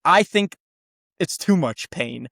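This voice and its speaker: An earnest young man with a slightly high voice talks in a casual and chatty way, pressing his point. The recording is close and dry. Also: expressive, slow pace, creaky, a bit bright, no room sound. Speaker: co-host pitching a football club. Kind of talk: casual comedic chat.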